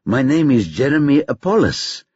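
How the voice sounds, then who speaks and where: A man's voice: medium pitch, sing-song, normal speed, darkish tone, husky, dry recording, voice pushed up. A man voicing a young street-smart man who speaks in a carefully rehearsed, polite way. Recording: dull lo-fi dry recording.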